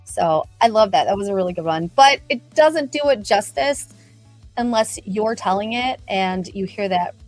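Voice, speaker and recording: A woman's voice: mid-range voice, animated, moderate pace, soft background music. A middle-aged woman hosting a casual livestream, chatty and bubbly, greeting viewers by name. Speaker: livestream host.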